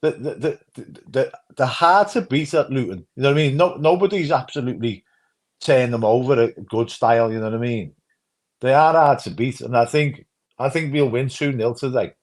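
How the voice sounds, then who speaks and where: A man's voice: mid-range voice, brisk. A man co-hosting a fan channel's football chat, rambling and often asking "you know what I mean".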